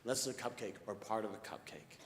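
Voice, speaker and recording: A man voicing a stubborn male cupcake shop worker who answers in a flat, repetitive, deadpan way. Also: fairly low pitch, fast, roomy sound, long reverb tail, background noise, pitched below the performer's own voice, close to an everyday voice.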